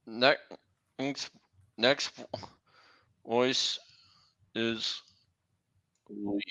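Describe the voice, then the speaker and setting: Slow, halting young man, bright tone. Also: mid-range voice, fairly even intonation, vocal fry, low-quality recording. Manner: halting, with frequent restarts. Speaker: livestream host. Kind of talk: casual stream chat.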